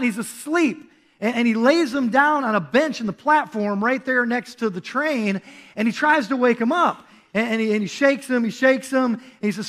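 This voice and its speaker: Young guy preaching in church, really high pitched voice, bright and sharp, acts out the story bits, yells sometimes. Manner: animated storytelling with acted quotes and shouted calls. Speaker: pastor. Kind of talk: sermon.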